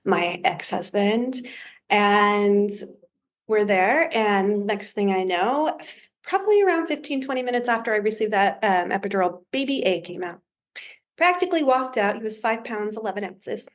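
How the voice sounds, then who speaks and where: A woman who is a podcast guest, telling a story in a casual, humorous and animated way. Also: medium pitch, normal speed.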